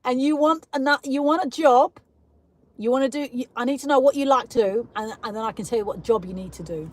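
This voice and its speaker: British woman host, chatty live-stream ranter, higher voice, dry close sound. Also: quick pace, no room sound. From Britain. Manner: chatty, ranting, reads out viewer comments. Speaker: livestream host. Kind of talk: casual live-stream chat.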